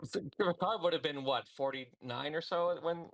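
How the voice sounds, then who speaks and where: A man in casual online voice chat, speaking in a hesitant, measured way with frequent restarts. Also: a little high, fairly bright tone, no echo. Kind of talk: casual chat over a video call.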